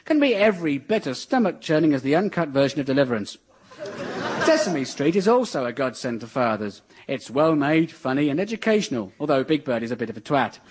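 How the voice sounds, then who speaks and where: Male comic host, mock lecture, slightly high and animated delivery, faint hiss. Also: brisk. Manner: dry, mock-earnest lecturing. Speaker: comedy show host. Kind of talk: satirical radio comedy monologue.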